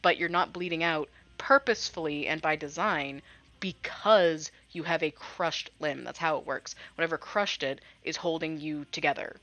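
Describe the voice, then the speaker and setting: Bright-voiced woman streamer, swears freely. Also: low-pitched, moderate pace, no echo. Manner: chatty, swears freely, restarts and rambles. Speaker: streamer playing a story game. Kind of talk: casual commentary while reading a game aloud.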